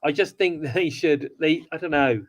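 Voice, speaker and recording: A man's voice: fairly high pitch, normal speed, low-quality recording. A man co-hosting a wrestling review podcast, chatting casually and rambling with many restarts. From United Kingdom. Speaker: podcast co-host.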